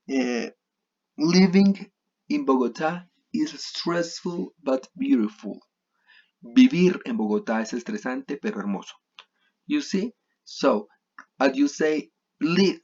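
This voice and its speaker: A man's voice: medium pitch, darkish tone, highs cut off. A male English teacher whose first language is Spanish, giving a chatty, digressive online grammar lesson, switching into Spanish and repeating points for emphasis.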